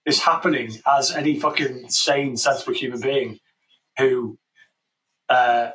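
A man's voice: mid-range voice, steady tone, measured pace, a bit bright, far from the mic, low-quality recording. A man co-hosting a casual current-affairs podcast, talking bluntly and swearing freely. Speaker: podcast co-host.

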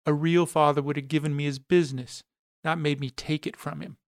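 A man's voice: on the high side, fairly even intonation, brisk, vocal fry, no echo, clean studio sound. A man reading the lines of a ruthless, sneering mobster who threatens others. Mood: menacing.

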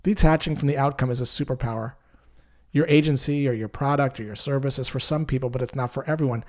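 A man, a sales trainer, telling a story as a scripted lesson in a measured, explanatory way. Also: medium pitch, a little mellow.

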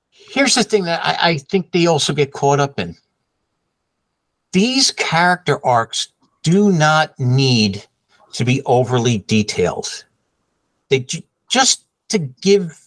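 A man's voice: mid-range voice, a bit bright, dry recording. A man co-hosting a podcast in casual chat, explaining his ideas thoughtfully with a shifting pace. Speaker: podcast co-host.

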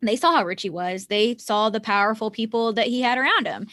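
A woman's voice: on the high side, a little fast, pushed and bright, no echo. Indignant woman hosting a true crime podcast, dry close mic. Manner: earnest, indignant. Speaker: podcast host. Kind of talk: conversational true-crime discussion.

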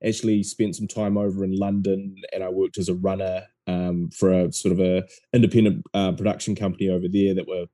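Deep mellow New Zealand man. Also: a little fast, hardly any pauses, no echo. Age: 30s. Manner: relaxed, hesitant with many fillers. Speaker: guest filmmaker. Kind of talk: casual podcast chat.

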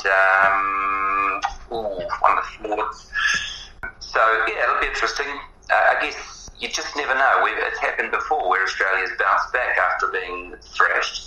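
A relaxed man from New Zealand, a guest on a casual video chat, talking with hesitant fillers. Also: lowish voice, echoey room, rough recording.

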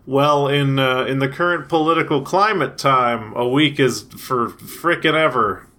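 A man co-hosting a comedy podcast, joking in a dry, deadpan way. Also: medium pitch, measured pace. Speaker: podcast co-host. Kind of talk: casual comedic banter.

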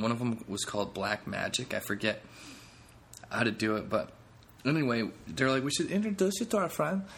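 A man's voice: lowish voice, a bit bright, a little hiss or hum. A man who is a comedian, hosting a casual solo podcast in a rambling, profane way with self-mocking jokes.

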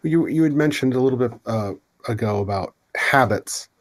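A man hosting a casual interview, friendly and halting, often restarting his sentences. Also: mid-range voice, expressive. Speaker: host.

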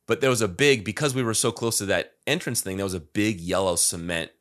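A man's voice: on the low side, a little fast, fairly bright tone. A man co-hosting a podcast, telling a rambling story in casual chat and laughing at himself. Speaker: podcast co-host.

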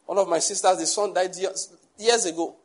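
A man preaching a sermon to a congregation, lively, acting out the people he quotes and laughing often. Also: sits high, brisk. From Nigeria. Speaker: pastor.

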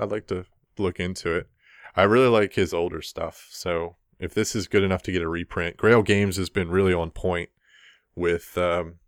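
A young man hosting a board game news podcast in casual chat, relaxed and rambling with lots of ums. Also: low-pitched, dry recording, clean studio sound.

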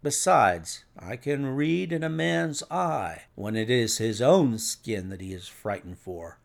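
A man doing a sure, gravelly detective. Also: mid-range voice, animated, slow. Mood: reasoning. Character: sharp, confident male detective.

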